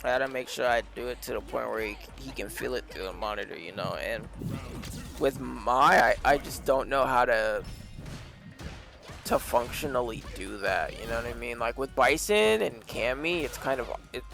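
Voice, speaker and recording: A young man streaming a fighting game, talking casually with lots of swearing, rambling between low mutters and loud frustrated rants. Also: lively intonation, normal speed, vocal fry, music in the background. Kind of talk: casual commentary while playing a fighting game.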